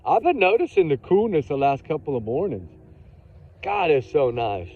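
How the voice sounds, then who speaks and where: A man's voice: on the high side, big pitch swings, normal speed, a little hiss or hum. Rambling Texan man outdoors, tinny sound. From Texas. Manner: rambling, chatty, drifts off topic. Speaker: vlogger. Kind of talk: casual chat.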